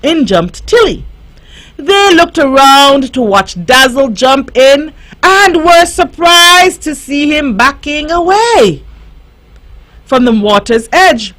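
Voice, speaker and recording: Female storyteller for children, high-ish voice, unhurried, very expressive. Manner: slow, expressive read-aloud with lively voices. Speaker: youth radio host.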